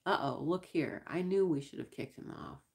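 A woman's voice: deep voice, moderate pace, gravelly. A woman voicing a short male pirate crewman who snaps and sneers with contempt. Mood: sneering.

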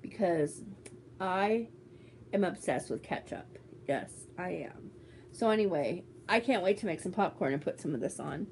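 A woman's voice: fairly low pitch, expressive, normal speed, a little mellow, a little hiss or hum. A woman vlogging casually as she unboxes a gift swap, bubbly and teasing as she exclaims over each item. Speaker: beauty vlogger.

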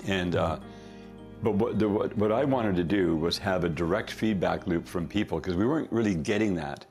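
A middle-aged man, a company founder, telling stories in a casual, animated way, often laughing at himself. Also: low-pitched. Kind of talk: casual anecdotal storytelling.

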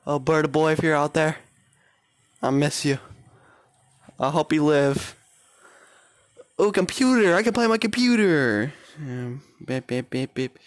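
A young man narrates his game in playful bursts, shouting and exclaiming at what happens on screen. His voice sits a little high for a man. The sound is dry and close, with no room around it. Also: unhurried, pauses often, no echo. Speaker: gaming YouTuber. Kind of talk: excited gaming commentary.

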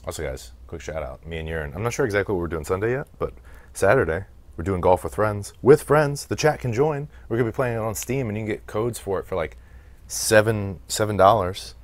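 A deep-voiced American man talks through a wrestling game on his stream in an easygoing, chatty way. He laughs a lot and swears freely as he answers the chat. The recording sounds like a desk mic at a gaming setup. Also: fast talker, no echo. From United States. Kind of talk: casual let's-play commentary while reading chat.

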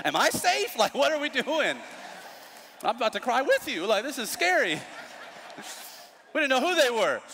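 A man in his thirties preaches from the pulpit, his voice high and bright. He tells stories in an animated way with playful asides. The sound carries a long reverb from a large church hall. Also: gravelly, a little hiss or hum. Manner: animated storytelling, lively asides. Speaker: pastor. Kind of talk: sermon.

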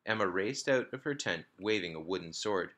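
A man, a teacher, reading a children's book aloud to his class in a lively storytelling manner. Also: deep voice, normal speed. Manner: lively storytelling, small slips and restarts.

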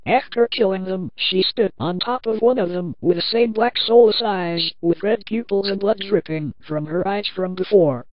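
A woman reads a first-person horror story aloud in a plain, earnest way, at a middling pitch. The recording is muffled and lo-fi, with a dry, close sound and no room around it. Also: moderate pace, hardly any pauses, dry recording. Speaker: narrator.

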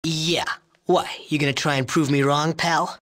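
A man's voice: a little high, fairly even intonation, normal speed, fairly bright tone, close to an everyday voice. An actor playing an arrogant, crude young male drug chemist in a video game, boastful and mocking. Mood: sneering. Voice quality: sneering, profane. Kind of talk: game dialogue.

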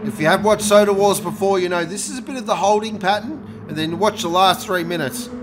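A man commentating a sim race, joking and bursting out loud at each incident. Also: high-pitched, a little fast. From Australia. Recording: noisy with engine sound behind.

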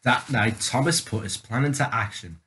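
A man's voice: mid-range voice, moderate pace, pushed and bright. A young man from England narrating an improvised comedy parody, often breaking into laughter. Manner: giggly, keeps breaking into laughter.

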